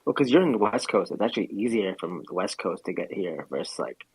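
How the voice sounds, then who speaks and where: A man's voice: deep voice, big pitch swings, fast, husky, no echo, rough recording. A man chatting casually on a live audio call, laid-back and slangy, stumbling over his words. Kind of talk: casual chat.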